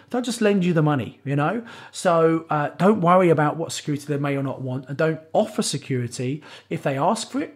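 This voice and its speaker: Persuasive man coaching investors. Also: fairly high pitch. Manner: upbeat, persuasive, stepwise instruction. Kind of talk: instructional coaching talk.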